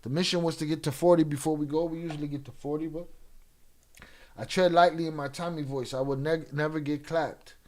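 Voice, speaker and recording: A man's voice: fairly high pitch, fairly even intonation, brisk, darkish tone. A man hosting a livestream, chatting casually with viewers and teasing them with loose, profane banter. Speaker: livestream host. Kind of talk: casual chat with live viewers.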